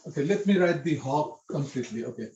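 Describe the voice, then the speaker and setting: A man's voice: on the high side, animated, fast, dark tone, roomy sound, dull audio. A man teaching a script class online, patiently spelling out syllables with hesitant fillers.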